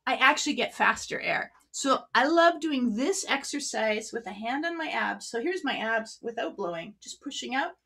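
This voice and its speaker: A woman's voice: a little high, expressive, normal speed, vocal fry, few pauses, pushed and bright. A woman clarinet teacher giving an online workshop lesson. She explains and demonstrates as she goes, a few feet from her mic.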